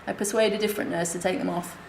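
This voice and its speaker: A woman speaking at a conference, reading her comic memoir aloud in a wry, deadpan way. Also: fairly low pitch, very fast, creaky. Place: hospital conference room. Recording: echoey lecture room, faint hiss.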